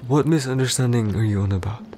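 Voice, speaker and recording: A man voicing a possessive, jealous warrior husband in a whispered role-play, curt and irritated, speaking low and close. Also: fast talker, darkish tone, slight background noise, lightly acted. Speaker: voice actor in a boyfriend roleplay.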